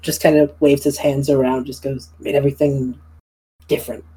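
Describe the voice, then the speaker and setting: A woman's voice: very deep voice, flat delivery, normal speed, warm tone, breathy edge, poor audio. A woman player speaking in character during a tabletop role-play game, playful and self-mocking.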